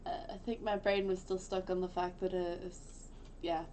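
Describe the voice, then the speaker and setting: A woman's voice: lowish voice, flat delivery, normal speed, warm tone. Playful lady on a stream sounding out japanese, a bit scattered, faint hiss behind. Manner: playful, giggly, easily distracted. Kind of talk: casual live-stream chat.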